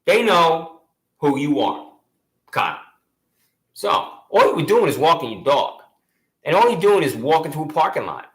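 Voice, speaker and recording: A man's voice: on the high side, wildly swooping pitch, moderate pace, fairly bright tone. Emphatic man, echoey room. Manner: repetitive, emphatic, keeps addressing himself by name. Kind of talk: second-person monologue retelling a grievance.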